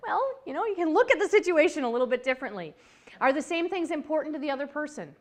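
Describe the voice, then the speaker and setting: Speaking fast in a high voice, a woman gives a chatty, lively motivational talk on workplace communication. She laughs easily and acts out the voices of the people she quotes.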